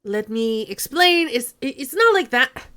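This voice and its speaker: A woman voicing a nervous, shifty male tenant who stammers and rambles through loud excuses. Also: lively intonation, a little slow, full character voice. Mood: flustered. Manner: stammering, high-strung, loud.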